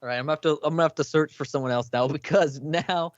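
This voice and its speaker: A man's voice: on the high side, very fast, dry recording. A man playing a tabletop game, talking loosely and jokingly, swearing now and then. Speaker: player. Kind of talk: casual tabletop play. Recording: dull, dry lo-fi stream audio.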